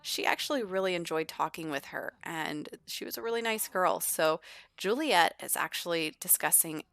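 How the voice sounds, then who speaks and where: A young woman narrates her life-sim game in a relaxed, chatty way, voicing the characters' lines in quick asides. Her voice sits a little low but rings bright and forward, and the recording is close and dry, with no room sound. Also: creaky, no echo. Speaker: gameplay narrator. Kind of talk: casual let's-play narration.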